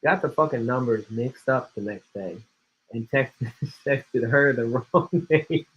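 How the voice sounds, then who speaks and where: A man's voice: medium pitch, takes it slowly, a bit bright, husky. A man co-hosting a casual podcast, telling a rambling club story and swearing. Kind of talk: casual chat. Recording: dull lo-fi sound.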